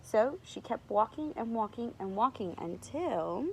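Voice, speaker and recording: Woman teacher, picture book read-aloud, animated, slow delivery, faint background hum. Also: on the high side, vocal fry. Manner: animated, asks children to guess. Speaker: preschool teacher.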